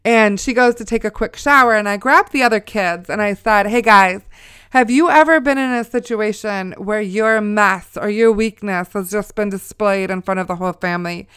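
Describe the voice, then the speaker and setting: Woman with a smooth resonant voice. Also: medium pitch, moderate pace, a bit bright, no echo, studio quality. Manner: conversational storytelling with preacher-like asides. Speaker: mother sharing a testimony. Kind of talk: spoken testimony.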